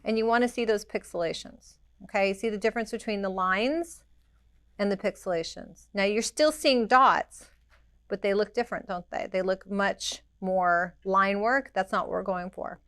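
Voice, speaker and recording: Female instructor, mid pitch, resonant and clean, practical demo delivery. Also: normal speed, a bit bright, no echo, clean studio sound. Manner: practical, direct, makes sound effects to show rhythm. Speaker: permanent makeup trainer. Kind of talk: hands-on demonstration.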